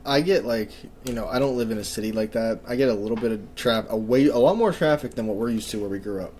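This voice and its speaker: A young adult man co-hosting a podcast, telling a story in a lively, ranting way. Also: fairly low pitch, fast talker, a little hiss or hum. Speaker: podcast co-host. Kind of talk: casual podcast chat.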